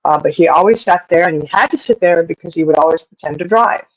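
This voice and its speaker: A storyteller telling a family tale in a folksy, animated, rambling way with many asides. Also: mid-range voice, fast, dry recording, low-quality recording. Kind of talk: casual storytelling.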